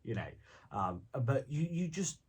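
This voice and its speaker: A man's voice: mid-range voice, sing-song, unhurried, darkish tone, slightly rough. A man who does impressions and voice-overs, chatting as a guest on a radio show, rambling with many restarts and frequent chuckles. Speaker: guest, impressionist and voice-over artist. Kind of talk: casual radio chat. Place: radio studio.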